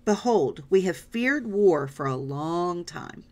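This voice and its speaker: A woman's voice: on the low side, animated, slow pace, darkish tone. A woman Bible teacher reading scripture aloud and stopping to explain it, often checking in with "right?" and "okay?". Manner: reads passages aloud, then stops to explain.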